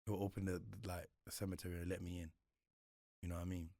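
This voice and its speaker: A man's voice: low-pitched, flat delivery, fast, warm tone, no room sound, studio quality. A man, a guest in a casual interview, talking reflectively with slang and frequent repeats. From Congo.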